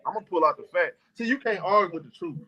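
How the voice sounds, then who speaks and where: A man's voice: high-pitched, fast, a crowd in the background. A man hosting a casual livestream chat, talking back at his viewers in a combative, profane way. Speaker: livestream host. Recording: muffled lo-fi stream audio.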